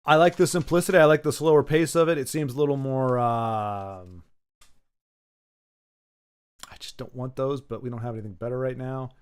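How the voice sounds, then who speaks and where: A man's voice: medium pitch, steady tone, moderate pace, pauses often, clean tone. A man giving casual, joking commentary while playing a card game, muttering to himself between asides to his viewers. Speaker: gaming channel host.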